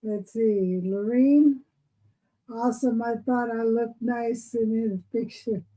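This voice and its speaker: A woman co-hosting a livestream, reading viewer comments and chatting slowly with many fillers. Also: fairly high pitch, fairly even intonation, warm tone, low-quality recording. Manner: slow and hesitant, many fillers. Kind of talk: casual livestream chat.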